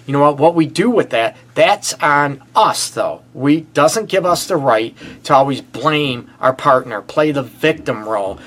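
A middle-aged man from the Detroit area hosting a casual relationship advice show, blunt and animated, often calling his listeners "people". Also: fairly high pitch, unhurried, few pauses. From Detroit area, USA. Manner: animated and blunt, addresses listeners as "people", frequent "you know what". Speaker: relationship counselor and show host.

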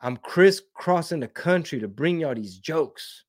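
A man's voice: fairly high pitch, lively intonation, measured pace. A man hosting a casual live stream, reading viewer comments in a rambling, slangy way and dropping Spanish words.

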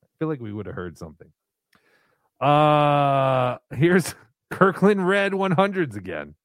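A man's voice: a little high, big pitch swings, a little slow, dry recording. A man hosting a live stream, casually playing callers' voicemails and chatting about them. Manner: easygoing, swears casually.

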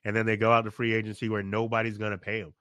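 A man's voice: lowish voice, monotone, rapid-fire, a bit bright, clean tone, dry recording, clean studio sound. A man co-hosting a casual sports podcast, blunt and opinionated in his takes. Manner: blunt, opinionated, laughs often. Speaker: podcast co-host.

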